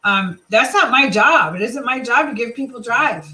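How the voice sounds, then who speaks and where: A woman's voice: on the high side, animated, moderate pace, sharp tone, slight background noise, rough recording. A woman leading a live team video chat, talking casually and motivationally, rambling with fillers and restarts. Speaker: team leader.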